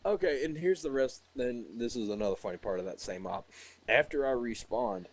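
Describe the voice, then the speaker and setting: A man's voice: mid-range voice, brisk. A man casually telling a story among friends, swearing freely and laughing often. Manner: profane, animated, laughs often.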